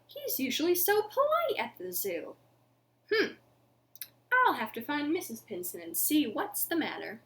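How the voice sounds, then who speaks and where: Cheerful polite male lion for a picture book, played by a woman; bright, high and bouncy. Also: sing-song, unhurried, creaky, heavily acted. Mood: friendly wondering. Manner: bright, wondering, sing-song.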